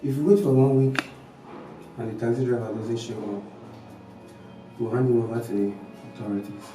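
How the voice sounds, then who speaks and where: A man with a Nigerian accent playing a calm doctor who explains things plainly. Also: mid-range voice, normal speed, recorded from a distance, natural voice. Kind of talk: film acting. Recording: echoey room from afar with music.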